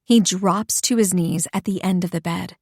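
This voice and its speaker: A woman narrating a first-person romance audiobook in an expressive, intimate storytelling voice. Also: fairly low pitch, normal speed, no room sound, studio quality.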